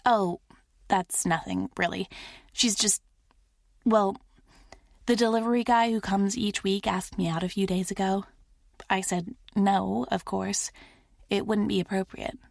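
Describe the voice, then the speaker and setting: A woman's voice: medium pitch, steady tone, measured pace, creaky, long pauses, no echo, clean studio sound. A woman reading a flustered young heroine. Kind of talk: audiobook character reading.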